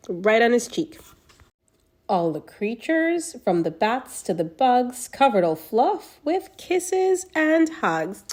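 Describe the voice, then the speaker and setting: A young woman reading a children's picture book aloud in a gentle, expressive way, adding fond little asides to the story. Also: a little high, slow. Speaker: storybook reader.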